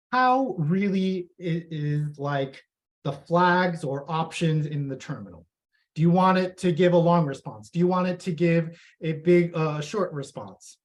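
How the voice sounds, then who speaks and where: A man giving a casual, chatty live tech presentation and reading audience comments aloud. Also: fairly high pitch.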